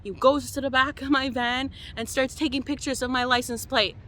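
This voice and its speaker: Bright, animated young woman storyteller. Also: high-pitched, moderate pace. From Quebec, Canada. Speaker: van-life vlogger. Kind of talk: storytelling to camera.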